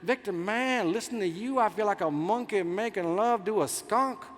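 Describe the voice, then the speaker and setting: A man's voice: sits high, normal speed, close to an everyday voice. A man voicing a laid-back male buddy with dry, folksy humor, recorded in a conference hall. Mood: wry.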